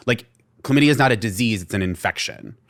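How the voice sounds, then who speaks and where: A young man from Vermont, co-hosting a podcast, tells a story in a casual, animated way and acts out the people in it. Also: fairly low pitch, quick pace. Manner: animated storyteller acting out quoted voices, lots of "like". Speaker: podcast co-host.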